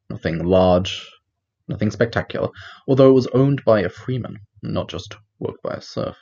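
A man doing an old wizard storyteller, Welsh accent, deep, husky, lingering sing-song telling. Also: darkish tone, lo-fi sound. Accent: put-on Welsh. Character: old male wizard narrator, wise and storytelling. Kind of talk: storybook narration in character.

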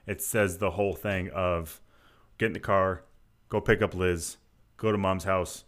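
Laid-back podcast guy with a low voice. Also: steady tone, a little slow, a bit bright. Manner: casual, swears freely, laughs while talking. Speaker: podcast co-host. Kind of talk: casual podcast chat.

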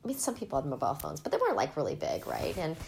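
A woman's voice: low voice, wildly swooping pitch, rapid-fire, vocal fry, darkish tone, slight background noise. A woman in casual chat, talking freely and often laughing as she acts out things her younger self would say.

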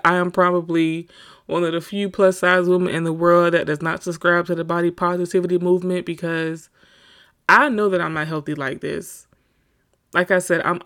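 A woman hosting a podcast, talking candidly and casually about her own struggles, often laughing as she speaks to her listeners. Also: lowish voice. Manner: candid, laughs through hard topics. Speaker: podcast host. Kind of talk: personal confessional monologue.

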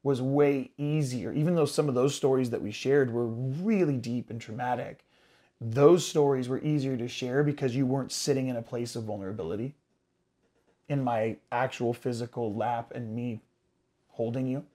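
Halting man in casual couple talk. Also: mid-range voice, warm tone. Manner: halting, searching, many restarts.

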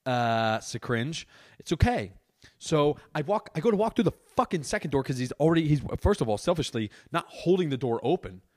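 A young adult man hosting a casual solo podcast, telling an animated, exaggerated story and swearing constantly while sitting on a couch indoors. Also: on the high side, fairly quick. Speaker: podcast host.

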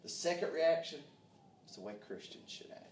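Male preacher, fervent sermon, slightly high voice, roomy and distant. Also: lively intonation, normal speed, slight background noise. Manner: fervent, calls out amen, drops to hushed tones. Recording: echoey room, mic far off.

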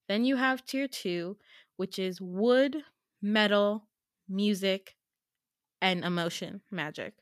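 Animated young woman telling a story. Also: medium pitch, smooth, no room sound, studio quality. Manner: animated, laughing, swearing freely. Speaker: podcast host. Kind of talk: casual storytelling.

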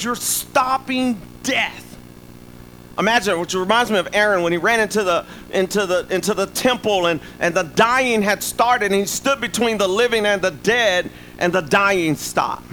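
Bright high-voiced man preaching. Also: a little hiss or hum, low-quality recording. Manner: animated, humorous, call-and-response asides. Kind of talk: sermon.

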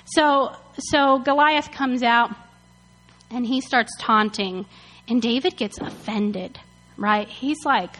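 High-voiced, chatty woman teaching the Bible. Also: takes it slowly, in a large hall. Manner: chatty and animated, many "like" and "you know" fillers. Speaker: Bible study leader.

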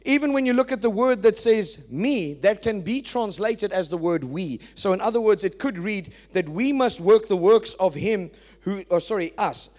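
Pastor, high voice, emphatic sermon delivery that swells and drops. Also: male voice, lively intonation, moderate pace, hardly any pauses. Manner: emphatic preaching, swings from loud to quiet.

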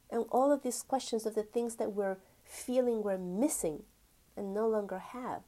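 A woman giving a spiritual teaching talk, gentle and earnest, stretching key words and sometimes dropping to a whisper. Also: fairly high pitch, normal speed. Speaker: spiritual teacher and energy healer.

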